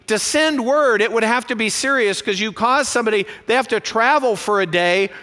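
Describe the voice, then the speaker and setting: A male pastor preaching a sermon in a church, animated and full of rhetorical questions. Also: high-pitched, moderate pace, in a large hall. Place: church sanctuary.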